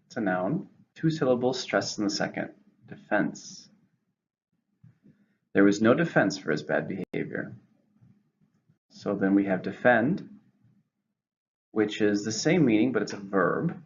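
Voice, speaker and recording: A man teaching English vocabulary, slowly and carefully spelling out each word's syllables and stress. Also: lowish voice, darkish tone. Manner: slow, careful enunciation of words. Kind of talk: vocabulary lesson. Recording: lo-fi with faint noise.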